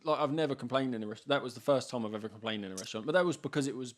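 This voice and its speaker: A man's voice: mid-range voice, rapid-fire. A man co-hosting a podcast, telling stories in a casual chat and swearing freely. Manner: animated, swearing storyteller. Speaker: podcast co-host.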